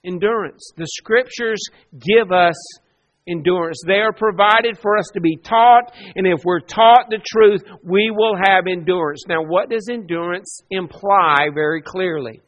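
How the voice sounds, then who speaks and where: A man preaching a sermon, moving between loud emphasis and quiet asides and acting out the people he quotes. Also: high-pitched, measured pace, muffled recording.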